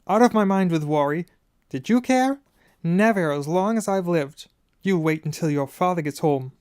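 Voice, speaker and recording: A man's voice: on the high side, normal speed, dark tone, clear, resonant tone, no room sound, studio quality, close to an everyday voice. A man voicing a stern middle-aged mother who scolds her sons and fusses over a guest, in an audiobook. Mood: furious. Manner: scolding, then fussing tenderly. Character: stern, fussing middle-aged mother, loud when angry. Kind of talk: audiobook character voice.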